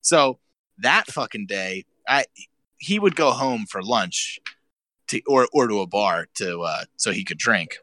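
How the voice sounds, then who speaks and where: Animated man swearing through stories. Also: fairly low pitch, a little slow, no echo. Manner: crude, swearing, laughs often. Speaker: podcast co-host. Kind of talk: casual storytelling chat.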